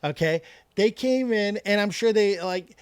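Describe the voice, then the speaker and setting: A man co-hosting a podcast, chatting casually and joking, with sudden leaps in pitch and loudness. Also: measured pace, clean tone, no echo. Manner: animated, joking, big jumps in pitch and volume. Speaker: podcast co-host. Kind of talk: casual podcast chat reacting to clips.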